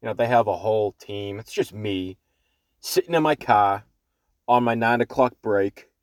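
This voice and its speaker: A man's voice: fairly low pitch, normal speed, no echo, studio quality. A man with a thick Boston accent hosting a solo podcast off the cuff from his parked car, rambling with lots of fillers and blunt swearing, recorded on an earbud mic. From Boston, Massachusetts. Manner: rambling, many fillers and restarts, blunt and profane. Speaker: podcast host.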